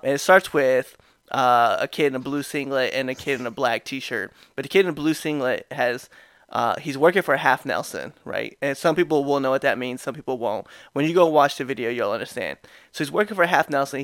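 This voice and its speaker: A man hosting a podcast, telling a story in a casual, animated way with frequent laughs and restarts. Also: mid-range voice, dry recording, studio quality. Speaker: podcast host.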